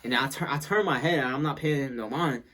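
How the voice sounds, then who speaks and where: A man's voice: medium pitch, fast, sharp tone. A young man telling a casual storytime, rambling and repeating himself as he acts out what people said.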